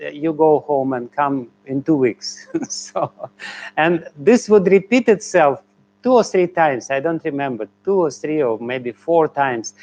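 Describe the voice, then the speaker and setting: A man's voice: a little high, lo-fi sound. Man, spiritual teacher, hesitant storyteller. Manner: hesitant, many fillers, chuckles between phrases. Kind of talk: question-and-answer talk.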